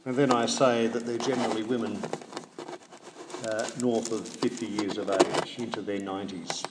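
A male preacher delivers his sermon at a measured pace, asking the listeners questions and slipping in dry humor. His voice is a middle-pitched, ordinary male voice. It carries a long reverb from a large hall, over a faint background hiss.

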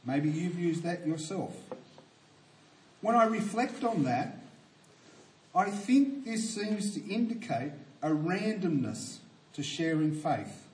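A man's voice: sits high, sing-song, slow, pauses often, slight background noise. An older man preaching a sermon, praying and telling a story in an earnest, emphatic way. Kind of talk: sermon with opening prayer. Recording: roomy echo from a distant mic.

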